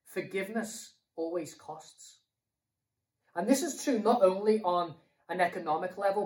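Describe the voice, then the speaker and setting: A man's voice: high voice, darkish tone, recorded from a distance, low-quality recording. A British man preaching a sermon in a conversational way, asking rhetorical questions and repeating himself.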